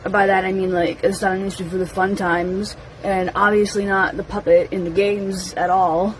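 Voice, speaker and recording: A young adult woman talking casually as a fan vlogger, rambling and excitable, with lots of fillers and giggles. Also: medium pitch, normal speed, a little hiss or hum, poor audio. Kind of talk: casual rambling first-impressions talk.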